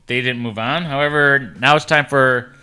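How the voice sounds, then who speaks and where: A man's voice: mid-range voice, steady tone, normal speed, heavy background noise. A man co-hosting a casual tasting show, chatting and reading long jokes aloud with small slips. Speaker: podcast co-host. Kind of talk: casual chat and joke reading.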